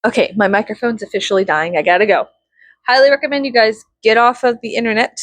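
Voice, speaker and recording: A woman's voice: on the high side, fast talker, dry recording. A woman telling a casual story, chatty and profane, with a lot of laughter.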